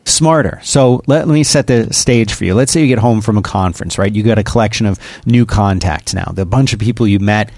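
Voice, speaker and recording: A man's voice: lowish voice, brisk, hardly any pauses, a little mellow, dry recording. A man hosting a podcast, reading a sponsor spot in a chatty way, explaining step by step with a few jokes. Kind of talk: casual ad read on a podcast.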